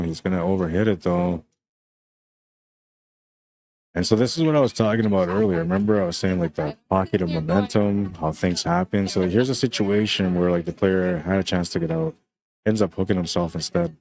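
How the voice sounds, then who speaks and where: Laid-back man with a deep voice. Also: a little mellow. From Canada. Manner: laid-back, chatty, often ends lines with "man". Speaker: pool commentator and stream host. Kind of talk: live play-by-play commentary.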